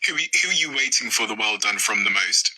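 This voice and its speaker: A male interviewer asks his guest measured, thoughtful questions. His voice is husky, with a strongly bright edge. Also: fairly low pitch, animated, poor audio. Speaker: podcast interviewer.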